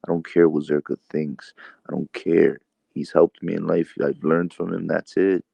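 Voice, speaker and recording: A man streaming on a group voice call who talks slowly and deliberately. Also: low-pitched, little pitch movement, gravelly, warm tone, no room sound. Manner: slow deliberate speech. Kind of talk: casual group call chat.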